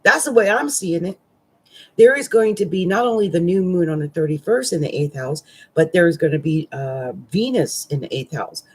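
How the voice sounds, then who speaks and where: A woman's voice: on the low side, animated, moderate pace, breathy edge. A woman astrologer giving a casual, rambling horoscope reading, with fillers and restarts.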